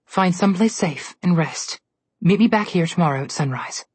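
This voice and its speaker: A woman's voice: fairly low pitch, lively intonation, normal speed, a little mellow, husky, no echo. A woman voicing a hardened young woman outlaw who speaks bluntly and defiantly. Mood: calm.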